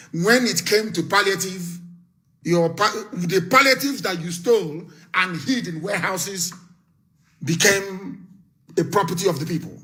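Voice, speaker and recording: A man's voice: sits high, bright, forceful tone. A man with a Nigerian accent delivering a fiery live broadcast speech, full of repeated threats and warnings. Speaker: political activist broadcaster.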